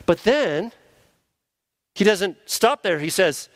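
A man's voice: high voice, expressive, slow. A man, a pastor, preaching an earnest sermon and now and then acting out the voices of the people he quotes.

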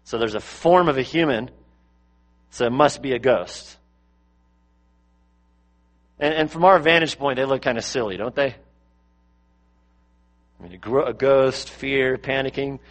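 A male pastor delivering a sermon, swinging between louder, higher bursts and low, quiet passages, with lots of rhetorical questions. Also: measured pace, long pauses. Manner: rises and drops in pitch and loudness for emphasis, asks rhetorical questions.

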